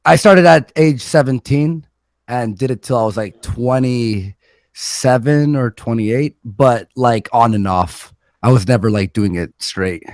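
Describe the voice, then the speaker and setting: A man's voice: mid-range voice, unhurried, a little mellow, no room sound. A man in his late twenties or thirties, a former stand-up comic, talking in self-deprecating, defensive casual chat. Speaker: guest, former stand-up comedian.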